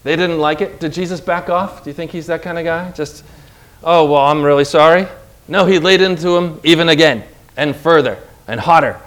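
A man's voice: on the high side, fairly quick. Emphatic male pastor preaching. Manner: emphatic, swinging from quiet to loud. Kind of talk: sermon with object lesson.

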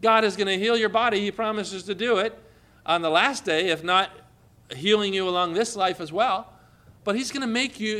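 A man delivers a sermon with a bright, forceful edge to his voice. He speaks a little higher than most men and preaches earnestly, building emphasis and asking his listeners questions. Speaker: pastor.

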